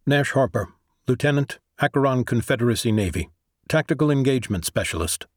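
Agitated male lieutenant, voiced by a man, clipped military speech, slightly raised pitch, lively, dry sound. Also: a little fast, no echo, close to an everyday voice. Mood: demanding. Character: agitated male navy lieutenant in a robot body.

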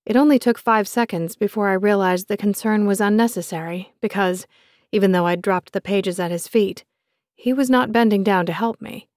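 A woman's voice: mid-range voice, moderate pace, darkish tone, dry recording, studio quality. Woman reading a romance audiobook. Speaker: audiobook narrator. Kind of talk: first-person romance novel narration.

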